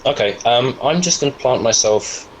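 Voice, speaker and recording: A man playing a tabletop game, laying out his character's plan in a measured, drawn-out way. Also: medium pitch, expressive, a little hiss or hum, low-quality recording. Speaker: player.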